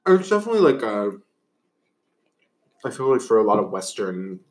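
A man's voice: on the low side, big pitch swings, normal speed, darkish tone. Chatty young man, fillers, laughing. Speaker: podcast co-host. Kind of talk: casual chat while eating.

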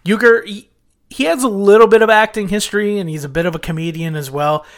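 A man's voice: sits high, fast talker. A man casually recapping an old sitcom episode, retelling scenes and quoting lines in a chatty way with small restarts.

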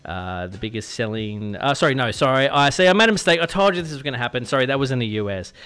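A man's voice: mid-range voice, animated, fast talker, fairly bright tone, clear, resonant tone. A young Australian man hosting a casual radio show, chatty and self-deprecating, sometimes stumbling over his words. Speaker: radio host. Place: radio studio.

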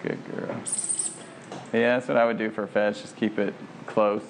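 A man working as a dog trainer, coaching an owner at home with lively praise for the dog. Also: fairly low pitch, normal speed, slight background noise. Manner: lively, sing-song praise for a dog between plain explanations. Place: home kitchen.

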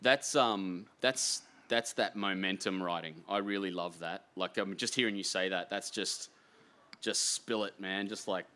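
Excitable rambling Australian man. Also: on the low side. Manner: excitable, rambling, self-deprecating. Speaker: author guest. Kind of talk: casual interview chat.

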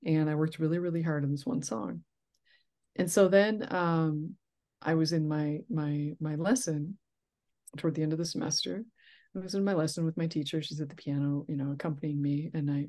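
A woman's voice: low voice, darkish tone. A woman talking as a guest in a casual conversation, chatty, with frequent restarts and laughs. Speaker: interview guest, therapist.

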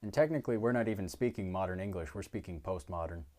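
Rambling, cursing podcast bro. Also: male voice, sits low, darkish tone. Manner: rambling, quick to correct others, swears casually. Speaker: podcast co-host. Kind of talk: casual chat.

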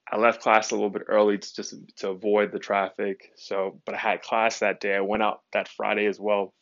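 Low-voiced young man swearing through a story. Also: little pitch movement, brisk, fairly bright tone, no echo. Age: young adult. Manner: candid, heavy swearing, lots of fillers. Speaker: podcast host. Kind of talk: casual personal storytelling. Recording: dry, dull lo-fi sound.

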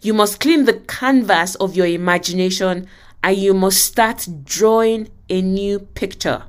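A woman's voice: mid-range voice, a little slow, clean tone, close to an everyday voice. A woman reading aloud the part of a firm male pastor counseling a mother. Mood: stern. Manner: forceful, emphatic reading.

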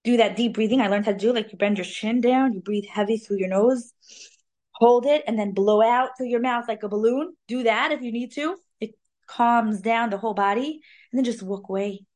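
Woman teaching a casual weekly Torah class, lively and expressive, slightly high-pitched. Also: moderate pace. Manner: animated, acts out dialogue, Hebrew terms. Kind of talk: informal weekly Torah talk.

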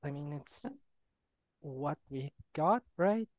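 A man's voice: fairly high pitch, expressive, takes it slowly. A man co-hosting a podcast, chatting casually and making dry, wry remarks. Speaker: podcast co-host.

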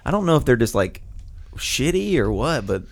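Animated, profane male storyteller. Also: medium pitch, moderate pace, vocal fry, no echo. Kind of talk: casual podcast banter.

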